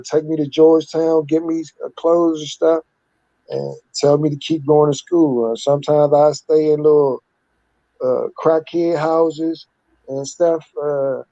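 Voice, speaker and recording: A man's voice: fairly high pitch, warm tone, no echo, highs cut off. A man in his fifties, a guest telling his life story candidly in a rambling, casual way. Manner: candid, rambling, street-talking with repeated "like".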